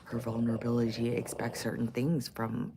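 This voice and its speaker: A woman's voice: rumbling low, monotone, a little fast, noisy background. A middle-aged woman vlogging in casual chat, blunt, profane and opinionated.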